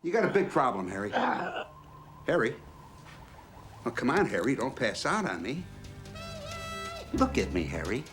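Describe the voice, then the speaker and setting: An actor playing a hard-edged gangster, taunting and urgent. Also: male voice, mid-range voice, very animated, unhurried, long pauses, music in the background.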